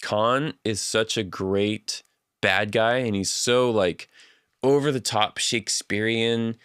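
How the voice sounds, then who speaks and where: A man's voice: fairly low pitch, takes it slowly, fairly bright tone, smooth, no room sound, clean studio sound. A man hosting a livestream, chatting casually and reading out viewer comments. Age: adult. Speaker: livestream host.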